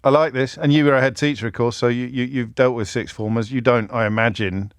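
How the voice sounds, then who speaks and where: Male phone-in host, mid-pitched, talky and wry, dry close studio mic. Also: fairly even intonation, a little fast, clean tone, no echo. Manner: chatty, self-mocking, many restarts. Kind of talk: radio phone-in chat. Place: radio studio. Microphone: studio microphone.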